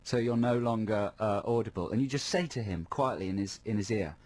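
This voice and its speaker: A man co-hosting a radio show, chatty and explanatory, quick to laugh. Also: lowish voice, darkish tone, a little hiss or hum. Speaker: radio co-host. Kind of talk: casual radio chat. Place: radio studio. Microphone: studio microphone.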